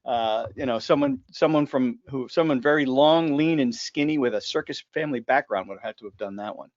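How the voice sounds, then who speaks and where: A man of middle pitch hosts a casual live discussion. He rambles, jokes and restarts his sentences, and his voice comes through a dry, close mic. The sound is a little dull and lo-fi. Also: brisk, darkish tone, no room sound. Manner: joking, rambling, with asides and restarts. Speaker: host.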